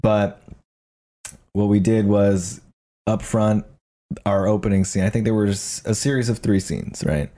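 A man's voice: lowish voice, steady tone, a little slow, pauses often, mellow. A man co-hosting a podcast about improv, talking casually and emphatically, prone to tangents. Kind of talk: casual chat.

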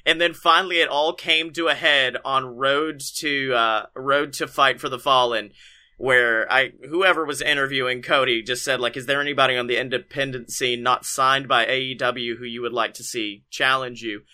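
A man co-hosting a casual podcast chat, excitable and swearing freely, acting out quotes with loud outbursts. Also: medium pitch, moderate pace. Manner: excitable, swears a lot, acts out quotes with big shouts. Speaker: podcast co-host. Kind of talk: casual chat about wrestling.

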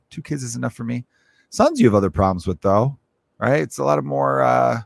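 With a creaky, mid-range voice on a dry recording, a man in his thirties hosts his own comedy show. He rambles through a casual, profane monologue, acting out small scenes and quoted voices.

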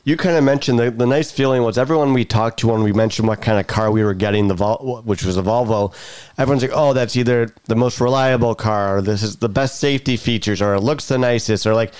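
A man co-hosting a casual podcast chat, telling an animated anecdote and acting out the people in it. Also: medium pitch, fast talker, clear, resonant tone. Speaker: podcast co-host.

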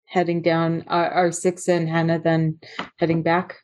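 A woman's voice: deep voice, monotone, a little slow, darkish tone. A woman narrating a tabletop game as game master, talking hesitantly with many fillers and restarts.

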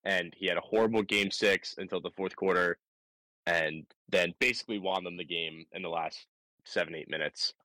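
Deep-voiced man in casual sports chat. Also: steady tone, moderate pace, pushed and bright, dry recording, rough recording. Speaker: podcast co-host.

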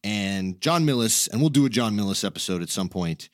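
A man's voice: on the low side, animated, brisk, dry recording. Guy hosting a podcast, rambly and laughing a lot, super dry close mic. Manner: rambling, laughs often, swears casually. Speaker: podcast host. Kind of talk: casual chat.

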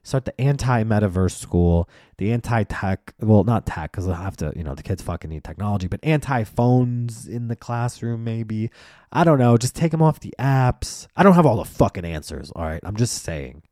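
A man's voice: on the low side, animated, normal speed, dark tone, no echo, clean studio sound. A man hosting a solo podcast, ranting profanely and animatedly about his opinions, then reading sign-off plugs. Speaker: podcast host.

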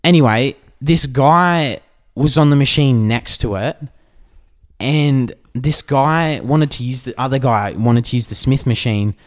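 A man's voice: medium pitch, measured pace. A man with an Australian accent co-hosting a podcast, telling stories animatedly with plenty of swearing. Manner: animated storyteller, swears freely. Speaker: podcast co-host. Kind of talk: casual podcast chat.

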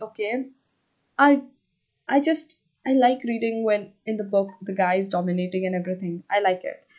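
A woman hosting a podcast, recapping a book in casual chat, often hesitating, checking in with "okay?" and spelling out explicit words as she reads quotes. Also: mid-range voice. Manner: chatty, hesitant, frequent "okay?" check-ins. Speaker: podcast host.

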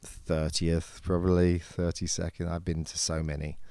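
A friendly British man with a very deep, smooth voice. He talks in an easygoing way in a casual interview, his sentences often trailing off quietly. The sound is close and dry. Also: flat delivery, normal speed, no echo. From England. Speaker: songwriter and producer guest.

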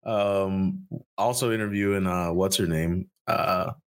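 A man's voice: deep voice, steady tone, slow. A man hosting a podcast in casual chat, telling stories animatedly, swearing and laughing often. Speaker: podcast host.

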